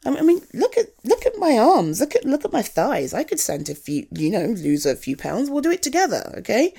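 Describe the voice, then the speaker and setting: A woman's voice: on the high side, wildly swooping pitch, fairly quick, gravelly, mellow, slightly rough, exaggerated voice. A woman playing a young woman's blunt best friend in a one-sided audio role-play, swearing freely and giving frank tough love. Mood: blunt caring. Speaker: friend talking to the listener.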